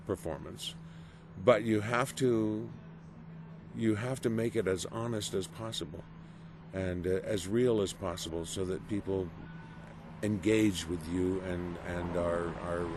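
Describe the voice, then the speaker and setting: A middle-aged man giving a casual interview as a voice actor, animated and storytelling, acting out quoted reactions. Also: deep voice, measured pace. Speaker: voice actor guest. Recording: noisy background.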